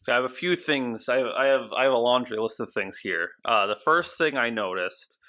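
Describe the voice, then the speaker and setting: A man with a mid-range, bright voice co-hosts a podcast. He spins fan theories in an animated, rambling way, restarting his sentences as ideas tumble out. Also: mid-range voice, a little fast. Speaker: podcast co-host. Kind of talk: casual podcast chat.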